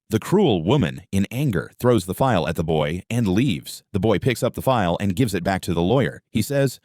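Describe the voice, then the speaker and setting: Male narrator for a moral short, lowish voice, lively intonation, dry close recording. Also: moderate pace, hardly any pauses, dry recording. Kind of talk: scripted story narration.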